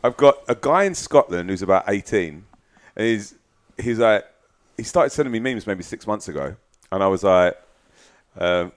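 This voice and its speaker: A man's voice: fairly low pitch, lively intonation, normal speed. A man guesting on a podcast, telling candid, self-deprecating stories in casual chat and swearing freely. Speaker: guest musician.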